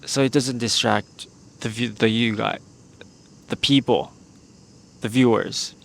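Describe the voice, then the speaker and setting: A man hosting a casual solo podcast, talking in a relaxed, meandering way into a handheld microphone while outdoors. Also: mid-range voice, slow pace, gravelly. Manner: relaxed, meandering, with many "like" fillers. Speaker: podcast host. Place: outdoors in a remote spot.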